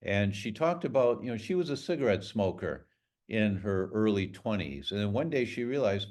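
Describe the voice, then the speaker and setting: A man's voice: lowish voice, lively intonation, normal speed, a little mellow. A middle-aged man, a doctor guest on a podcast, talking in an emphatic, storytelling way. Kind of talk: podcast interview.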